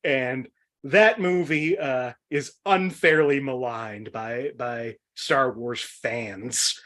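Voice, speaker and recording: A man's voice: mid-range voice, slow pace, fairly bright tone. A man with a Boston accent hosting a comedic trivia game show over a video call, rambling, with many fillers and frequent laughs.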